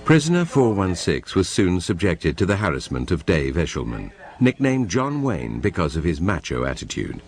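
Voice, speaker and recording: A man narrating a documentary in a measured, dramatic scripted read. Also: low-pitched, wildly swooping pitch.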